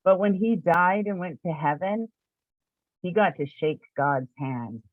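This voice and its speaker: A woman's voice: fairly low pitch, expressive, unhurried, no room sound, phone-quality sound. A woman voicing a cheerful, giggly, mysterious little old lady with a sing-song manner.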